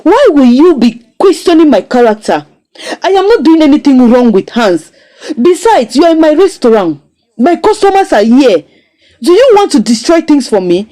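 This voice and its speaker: A woman's voice: sits high, big pitch swings, moderate pace, warm tone, voice pushed up. A woman playing an indignant young wife. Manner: defensive, pleading.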